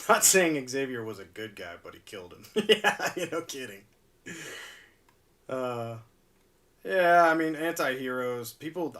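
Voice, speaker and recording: A man's voice: medium pitch, fairly bright tone, far from the mic. A man hosting a live stream, chatting casually and chuckling as he repairs a toy at his workbench. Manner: rambling, laid-back, chuckles often.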